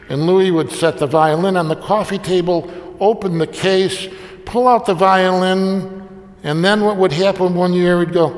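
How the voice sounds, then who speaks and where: A man's voice: sits high, moderate pace, gravelly, big-room sound. An older man telling a family story in a sermon, folksy and anecdotal, slipping briefly into the voices of the people in it. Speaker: preacher.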